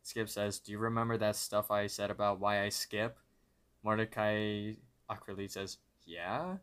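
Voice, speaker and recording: A man's voice: fairly low pitch, fairly even intonation, measured pace, a bit bright, clear, resonant tone. A man co-hosting a podcast, narrating a cartoon plot step by step with small slips and corrections. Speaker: podcast co-host. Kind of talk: casual episode recap.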